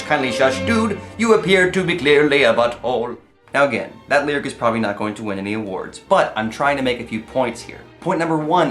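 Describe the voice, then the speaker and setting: A man's voice: mid-range voice, fairly bright tone. Brief: young adult man, playful comedic songwriting teacher, faint music behind. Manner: playful, sings example lyrics.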